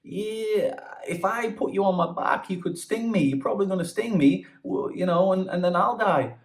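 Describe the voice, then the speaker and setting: A man putting on a high nervous frog. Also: moderate pace, lightly acted. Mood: worried. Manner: high, anxious, pleading. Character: nervous trusting male frog. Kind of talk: storytelling a fable. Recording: echoey room.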